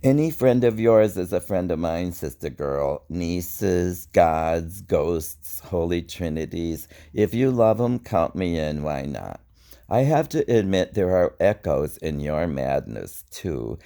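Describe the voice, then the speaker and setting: A man reading his own spoken-word poetry in a slow, wry, reflective way. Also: low voice, animated, creaky, dark tone. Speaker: poet.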